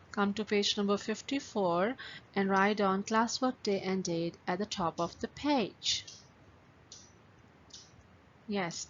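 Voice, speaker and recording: Slow, patient woman teaching young pupils. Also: medium pitch, a bit bright. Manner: slow, patient, stretches words syllable by syllable. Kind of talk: online class lesson for young pupils. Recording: dull lo-fi recording with faint ambient noise.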